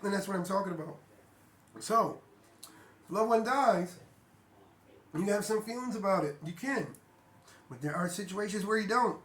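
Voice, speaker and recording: A man's voice: sits high, expressive, moderate pace, pauses often, slight background noise. Blunt, cussing man in an echoey room. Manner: blunt, emphatic, swears freely, repeats himself. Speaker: vlogger. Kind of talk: casual motivational monologue.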